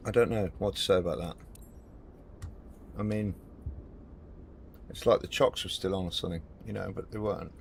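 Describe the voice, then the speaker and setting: Game streamer, man, gravelly low voice, grumbling casual commentary, faint room noise. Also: normal speed, pauses often. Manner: frustrated muttering, talks to the plane. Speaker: flight sim streamer.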